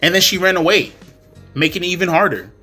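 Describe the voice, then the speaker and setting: A man's voice: high-pitched, quick pace, pushed and bright, breathy edge, soft background music. A man giving blunt, profane, heated commentary and telling a story in a vlog. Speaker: commentary vlogger.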